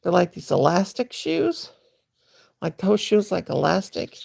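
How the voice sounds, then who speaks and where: A woman's voice: lowish voice, very animated, a little slow, gravelly, darkish tone, slight background noise. A woman hosting a crochet livestream, chatting to viewers in a rambling, folksy way while she crochets. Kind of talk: casual livestream chat.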